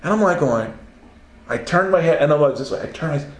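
A man's voice: fairly high pitch, fairly quick. A man, a self-published Christian author, telling a story in casual conversation and acting out the voices he heard. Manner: animated, laughing storyteller who acts out voices. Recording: roomy echo, faint background noise.

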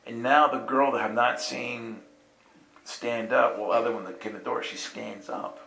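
Speaking at normal speed with vocal fry, this medium-pitched man tells a personal story over casual chat. He's animated, voices the people he quotes, laughs a lot, and keeps asking "right?". A roomy echo surrounds the recording.

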